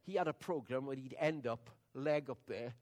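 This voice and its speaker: An older man, preaching in a conversational, storytelling sermon that drops to hushed asides and rises to loud declarations. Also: mid-range voice, normal speed.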